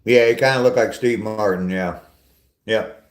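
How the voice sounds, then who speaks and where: A man's voice: fairly low pitch, moderate pace, roomy sound. An older man hosting a casual live stream on a walk, chatting with viewers in a rambling, self-deprecating way. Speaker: vlogger reading live chat.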